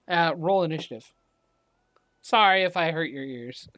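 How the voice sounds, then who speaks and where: A game master narrating a tabletop role-play game and chatting in a slow, halting way, laughing often. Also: mid-range voice, fairly bright tone, dry recording.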